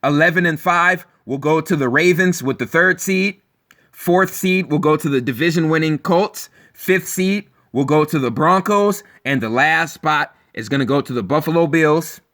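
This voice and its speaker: A man with a somewhat high, bright, forceful voice delivers a scornful video rant. He repeats himself for emphasis, taunts his listeners and swears freely. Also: normal speed. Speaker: channel host. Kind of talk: ranting video monologue.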